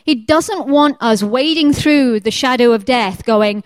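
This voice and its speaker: A woman preaching a sermon, lively and conversational, who acts out the prayers of the people she talks about. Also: a little high, measured pace, hardly any pauses, no echo. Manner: lively, acts out quoted prayers in changing voices.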